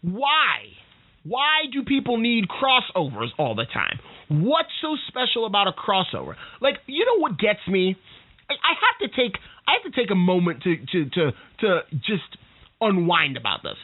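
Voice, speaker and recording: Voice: mid-range voice, very animated, moderate pace. A podcast host ranting casually on their own, exasperated, often stumbling and repeating words. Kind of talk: casual solo rant. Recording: tinny phone-like sound.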